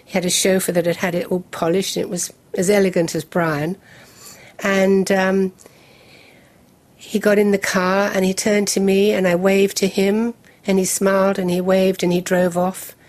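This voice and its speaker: A woman, recounting a personal memory in measured, detailed storytelling as an interview guest. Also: mid-range voice, level tone, darkish tone. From England. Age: 70s.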